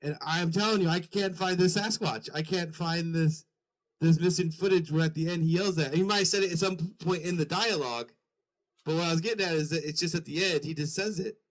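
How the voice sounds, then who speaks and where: Higher-voiced man, defensive podcast banter. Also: a little fast, poor audio. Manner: defensive, hesitant, stumbles over words. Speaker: podcast co-host.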